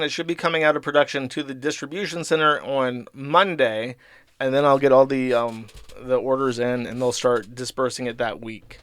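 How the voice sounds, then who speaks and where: A man's voice: medium pitch, moderate pace, fairly bright tone, no echo, clean studio sound. A man hosting a casual livestream, reading out viewer donations and rambling about them with frequent laughs and swearing. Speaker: livestream host.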